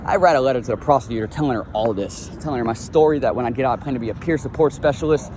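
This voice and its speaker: A man's voice: medium pitch, racing, background noise. A young man from Florida telling his life story in a blunt, rambling, casual monologue, swearing freely.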